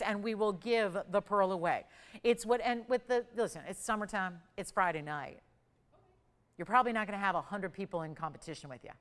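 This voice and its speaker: A woman hosting a live TV jewelry auction, calling out bids in brisk, upbeat sales patter. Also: medium pitch, expressive, fairly bright tone, clear, resonant tone, long reverb tail. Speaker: live shopping auction host.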